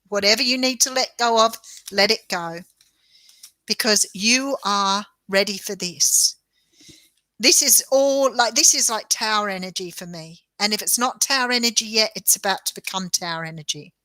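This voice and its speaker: A woman's voice: medium pitch, normal speed, pushed and bright, no room sound. An Australian woman, a tarot reader, giving chatty and reassuring readings on a live stream with frequent laughter.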